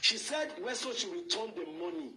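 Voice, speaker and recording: A man with a high, lively voice presses his question insistently, his pitch jumping as he pushes for an answer. He sounds far from the mic in an echoey space with faint noise around him. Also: a little fast. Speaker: caller. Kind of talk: live call-in question.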